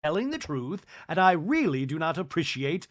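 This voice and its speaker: A man's voice: a little high, sing-song, normal speed. A man doing a blunt, irritated woman from a reality show, with a raised, clipped delivery. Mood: cold, aggrieved.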